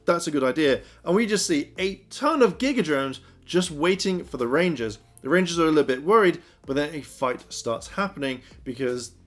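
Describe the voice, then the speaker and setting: A man's voice: a little high, expressive, normal speed, few pauses, soft background music. A man giving a casual, rambling recap of a TV episode, full of fillers like "kind of" and "you know". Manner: rambling, filler-heavy retelling. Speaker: TV episode reviewer.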